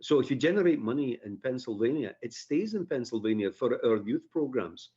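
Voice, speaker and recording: A Scottish man chats as a radio guest, easygoing and self-deprecating, pausing on fillers as he spins stories. His voice sits mid-range, and the sound is slightly dull. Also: medium pitch, lively intonation, warm tone, slightly rough. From Scotland. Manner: chatty, self-deprecating storyteller with many fillers. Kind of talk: radio interview.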